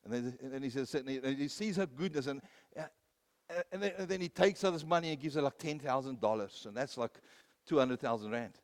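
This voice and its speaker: A man preaching a sermon, telling personal stories, rising to loud, emphatic peaks and then dropping low. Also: brisk. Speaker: pastor.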